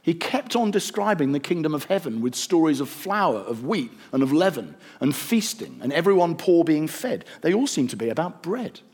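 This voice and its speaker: Husky man telling a rhyming story. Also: a little high, sing-song, normal speed, hardly any pauses. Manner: rhythmic, gentle storytelling delivery. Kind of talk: rhyming scripted narration.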